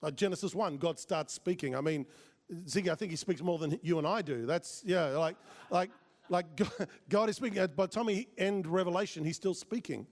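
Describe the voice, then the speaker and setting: A man giving a talk to a business group, telling a story and acting out what people said with lively swings in his voice. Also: normal speed. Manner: animated, acts out quoted voices with big pitch jumps. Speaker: speaker at a business mastermind.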